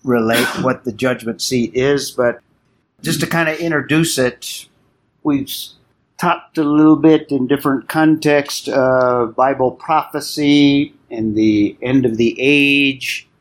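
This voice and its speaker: A man leads a Bible study class at an ordinary pitch. He talks in a measured, explanatory way and stops now and then to quiz the class. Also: steady tone.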